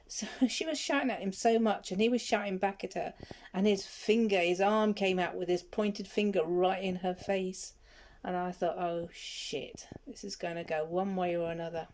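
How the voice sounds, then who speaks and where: A middle-aged woman, chatting casually to camera while out on a walk and telling a story with frequent ums and soft laughs. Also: mid-range voice. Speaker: vlogger and security guard. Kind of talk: casual walking vlog chat. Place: outdoors on a walk.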